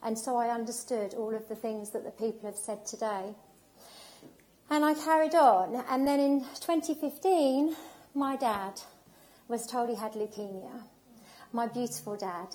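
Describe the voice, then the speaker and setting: A woman speaking from the heart at a live event, her voice a touch high. She is audibly emotional and leans into her words with emphatic repetition. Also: darkish tone. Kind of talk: emotional personal talk.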